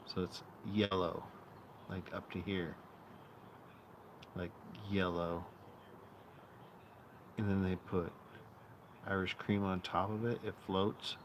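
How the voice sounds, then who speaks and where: A man's voice: low-pitched, little pitch movement, takes it slowly, long pauses. Rambling casual man, noisy patio. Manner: rambling, storytelling, profane. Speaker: streamer host. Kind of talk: casual live-stream chat. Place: outdoor patio.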